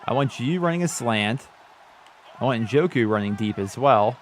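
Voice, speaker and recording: Commentating casually on a football video game, a young man who makes gaming videos on YouTube gets flustered and exasperated, repeatedly laughing in disbelief at his bad luck. He speaks at a medium pitch and normal speed, animated, with slight background noise.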